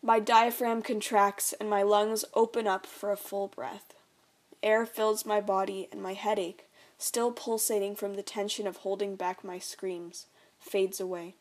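A young woman reading her own memoir aloud in a quiet, reflective way. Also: mid-range voice, flat delivery, a little slow.

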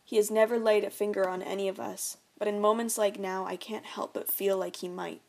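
A young woman reading her own memoir aloud in a quiet, reflective way. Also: medium pitch, fairly even intonation, brisk, creaky.

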